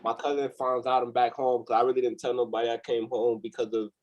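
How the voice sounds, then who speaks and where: Animated young man telling a story. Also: mid-range voice, fast talker, muffled recording. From New Jersey. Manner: animated, swears freely, acts out quotes. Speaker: interview guest, company founder. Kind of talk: casual storytelling.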